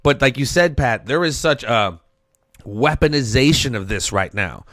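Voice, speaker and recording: A man's voice: medium pitch, expressive, moderate pace, a bit bright, no echo, studio quality. A man hosting a podcast, talking in emphatic, profane bursts in casual chat. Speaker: podcast host.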